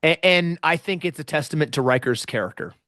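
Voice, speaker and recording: A man's voice: fairly high pitch, a little fast, sharp tone, no echo, clean studio sound. A man co-hosting a podcast in casual chat. He is reflective and often repeats a word as he starts a sentence. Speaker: podcast co-host.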